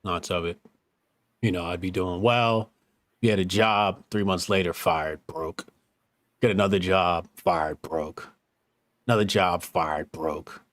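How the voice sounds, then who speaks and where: A podcast host with a low, slow voice tells stories in a casual talk-show chat, captured in a dry recording. He swears a lot and acts out quotes in animated fashion.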